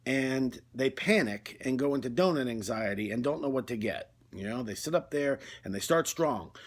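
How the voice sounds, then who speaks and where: A man's voice: medium pitch, animated, moderate pace, few pauses. A man delivering a rambling, conversational comic monologue, full of fillers. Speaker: comedy video host.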